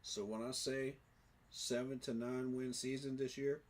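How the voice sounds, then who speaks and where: A man's voice: mid-range voice, flat delivery, measured pace. A man giving an emotional, preacher-like fan monologue, repeating his phrases for emphasis. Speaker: sports fan commentator.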